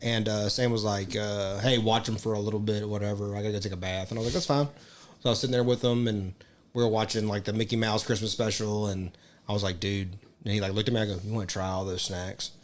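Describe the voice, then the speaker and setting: A young man with a somewhat low voice swaps stories on a casual podcast. He is relaxed and swears freely as he talks. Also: quick pace. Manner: profane, laid-back storyteller. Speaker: podcast co-host. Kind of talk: casual chat.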